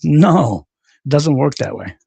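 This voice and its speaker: A man's voice: a little high, big pitch swings, slow pace, gravelly, warm tone, breathy edge, dry recording. A man hosting a livestream, ranting in a combative, repetitive way and swearing often. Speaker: livestream host. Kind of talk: solo livestream rant.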